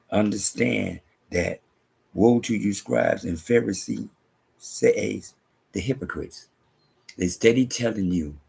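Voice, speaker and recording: A man preaching slowly in a very deep, gravelly voice with a heavy husky rasp. He reads scripture and drives home his points by repeating them, sometimes sinking into hushed asides. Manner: repetitive, emphatic, drops to hushed asides. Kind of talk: preaching monologue.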